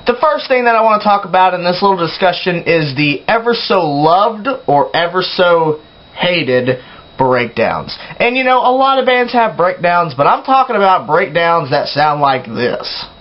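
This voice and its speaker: A young man hosting a casual opinion vlog, talking in an animated, exasperated way with sighs and mock yells. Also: high-pitched, normal speed, highs cut off. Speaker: metal video blogger.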